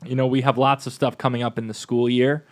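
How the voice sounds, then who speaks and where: A man's voice: medium pitch, level tone, fast. A man co-hosting a parish podcast, chatting casually in a rambling way with many fillers and restarts. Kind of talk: casual chat.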